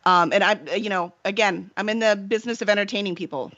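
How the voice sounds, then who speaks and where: A woman's voice: mid-range voice, quick pace, fairly bright tone, dull audio. A woman hosting a casual live-streamed chat, talking at length in loose run-on thoughts with plenty of fillers. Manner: chatty, talks in long run-on thoughts with many fillers. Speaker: publisher and show host.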